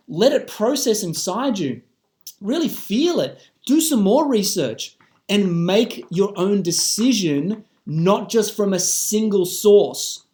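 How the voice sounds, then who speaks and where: A man's voice: sits high, a little mellow. An Australian man in an impassioned monologue to camera, emphatic and swearing casually.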